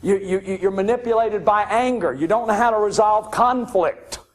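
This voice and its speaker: A man's voice: high-pitched, normal speed. A man lecturing on addiction and recovery, emphatic and repeating his key phrases.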